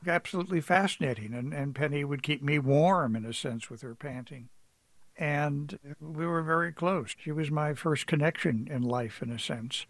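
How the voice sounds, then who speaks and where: A man's voice: on the high side, normal speed, no room sound. A man being interviewed on the radio as an author, telling stories in a reflective, anecdotal way. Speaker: author guest.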